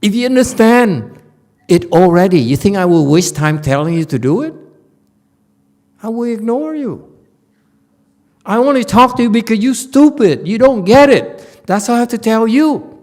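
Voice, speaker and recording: Male Buddhist teacher, slightly raised pitch, blunt and scolding, informal lecture delivery in a meditation hall. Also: big pitch swings, normal speed, pauses often, a little mellow. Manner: blunt, scolding, repeats himself for emphasis.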